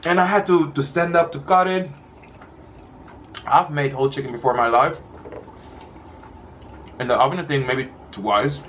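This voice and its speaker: Guy rambling about his cooking between bites, mid-pitched voice, faint noise behind him. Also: normal speed, long pauses, a bit bright. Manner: chatty, rambling, eating between words. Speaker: mukbang vlogger. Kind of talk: casual chat while eating.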